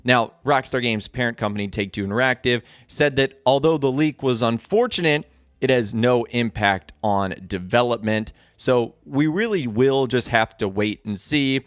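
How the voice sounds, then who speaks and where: A man's voice: medium pitch, normal speed, no room sound, studio quality. A man talking straight to viewers in a scripted gaming news video, upbeat and direct.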